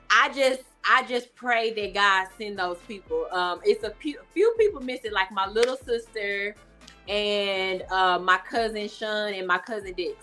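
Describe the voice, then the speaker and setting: Slow, bright-voiced woman co-host. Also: fairly high pitch. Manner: heartfelt, unhurried, addresses listeners as y'all. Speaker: podcast co-host. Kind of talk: casual recap chat.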